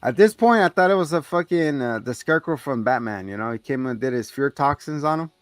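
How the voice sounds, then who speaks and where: A man's voice: mid-range voice, expressive, fairly quick, no room sound. A man co-hosting a casual podcast, animatedly retelling a movie scene with profane acted-out quotes. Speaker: podcast co-host. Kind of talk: casual movie recap chat.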